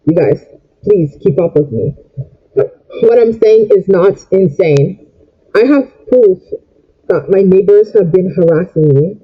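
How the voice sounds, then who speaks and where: Upset, husky young woman ranting. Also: on the low side, animated, measured pace, highs cut off. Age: young adult. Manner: upset, rambling, emotional. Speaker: vlogger. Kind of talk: get-ready-with-me rant while doing makeup.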